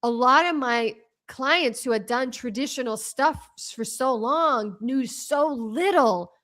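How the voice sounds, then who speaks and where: Woman guest, trauma coach, animated and rambling, fairly high, bright voice. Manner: animated, fast and rambling with many restarts. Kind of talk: casual interview talk.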